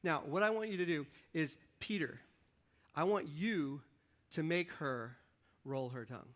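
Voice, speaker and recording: A high, bright-toned man leads a sermon from a church stage with an upbeat, joking manner. He calls volunteers up, counts them in, and then turns to his message. His voice carries through a stage microphone. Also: measured pace. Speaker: pastor. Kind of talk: lively sermon with audience participation. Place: church stage before a congregation.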